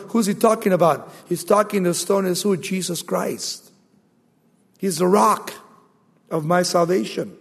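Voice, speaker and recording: A man preaching a sermon, building to loud emphasis and acting out the voices of biblical figures. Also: sits high, unhurried, gravelly, husky. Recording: long hall reverb.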